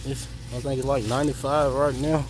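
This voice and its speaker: A man's voice: medium pitch, flat delivery, a little fast, background noise. A man giving an easygoing, thinking-aloud tour of his home garden outdoors, filmed on a handheld phone. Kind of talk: casual garden walk-through. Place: outdoor garden on a hot day.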